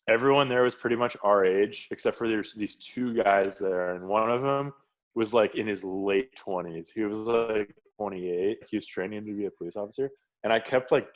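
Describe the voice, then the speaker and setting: A man's voice: on the low side, dull audio. A young man co-hosting a podcast, telling a rambling, profane story in casual chat and laughing often as he goes. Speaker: podcast co-host.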